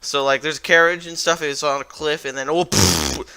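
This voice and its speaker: A man's voice: a little high, fairly even intonation, brisk, pushed and bright, clear, resonant tone. A man who jokingly recaps a story as a YouTuber, rambling and correcting himself as he goes. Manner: rambling, playful, self-correcting.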